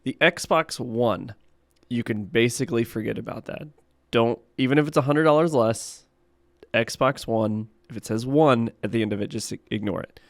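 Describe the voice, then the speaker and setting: A man co-hosting a podcast, casually explaining buying advice with quick asides. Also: medium pitch, no echo. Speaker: podcast co-host. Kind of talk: casual chat.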